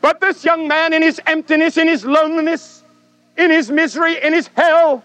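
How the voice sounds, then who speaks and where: High-voiced emphatic man preaching a sermon. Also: lively intonation, a bit bright. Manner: dramatic, emphatic, with swelling repetitions and long pauses. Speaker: evangelist preacher.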